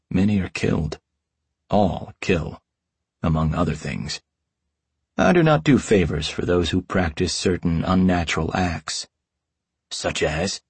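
A man's voice: low-pitched, vocal fry, darkish tone, husky, dry recording. A man reading an audiobook in the first person as a tomcat detective, with a wry, hardboiled delivery. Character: wisecracking tomcat detective narrating. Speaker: audiobook narrator.

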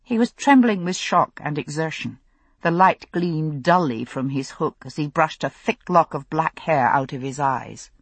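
A woman narrating a novel in the first person, with expressive, dramatic storytelling. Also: low-pitched, a little slow, breathy edge, dry recording. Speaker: audiobook narrator.

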